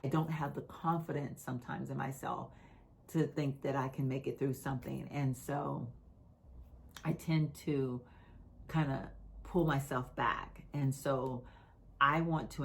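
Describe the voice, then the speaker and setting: A middle-aged woman with a slight lisp, talking candidly and unhurriedly to her vlog viewers. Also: rumbling low. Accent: Texan. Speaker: vlogger. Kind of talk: casual talk to camera.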